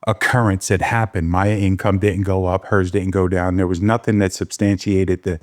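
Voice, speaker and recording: A man's voice: deep voice, flat delivery, normal speed. A man being interviewed as a guest, telling his life story in a candid, emphatic way. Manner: candid, emphatic, gets emotional. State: emotional, near tears.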